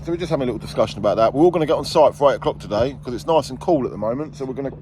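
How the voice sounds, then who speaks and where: On an outdoor work site, a landscaping business owner vlogs about his business, bantering and rambling casually. His medium-pitched voice is animated, rapid-fire and darkish in tone, with faint music in the background.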